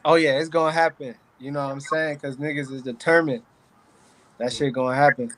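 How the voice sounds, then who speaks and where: A man co-hosting a casual live-stream chat, chiming in with quick agreement and relaxed slang. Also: on the high side, poor audio. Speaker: co-host.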